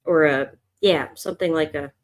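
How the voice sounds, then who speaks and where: Sketching live for her stream, an art teacher chats casually and talks through her thoughts as she draws. Her voice is low-pitched and her pace moderate.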